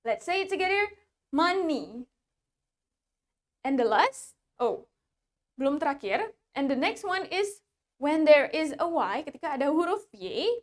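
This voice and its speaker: A woman English teacher with an Indonesian accent, explaining in two languages and drilling words slowly for the class to repeat. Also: high-pitched. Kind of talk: bilingual English lesson, slow drills.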